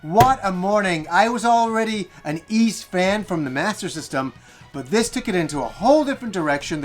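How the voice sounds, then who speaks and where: A man in his forties with a high, bright-sounding voice, hosting a retro gaming show. He tells a nostalgic personal story in an eager, rambling way, often restarting his sentences. Faint music plays behind him. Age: 40s. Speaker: gaming channel host.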